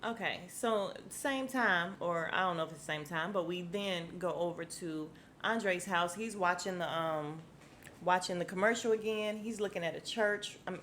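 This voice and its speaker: This podcast host recaps a TV episode with plenty of slang and laughter, performing the characters' lines herself. Her voice is lowish with a bit of brightness, and a faint hiss or hum runs through the recording.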